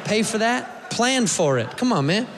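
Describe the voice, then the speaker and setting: A man from the United States doing a stand-up comedy set, animated and profane, slipping into funny voices for the people he mimics. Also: high-pitched, measured pace. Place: comedy club stage. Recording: live club mic, echoey hall, audience noise. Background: audience laughter.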